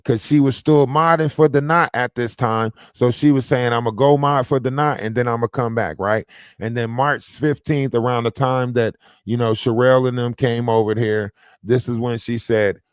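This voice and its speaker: A man's voice: medium pitch, animated, unhurried, no room sound, studio quality. A man hosting a livestream, talking casually and reading out messages, with an insistent manner and frequent "right?" tags. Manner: insistent, keeps adding "right?". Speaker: livestream host.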